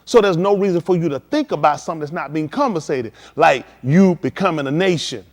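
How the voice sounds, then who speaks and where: A man with a fairly high, darkish voice speaks fairly quickly while preaching at a livestreamed scripture teaching. He is emphatic and talks in slangy street language, throwing rhetorical questions at his listeners.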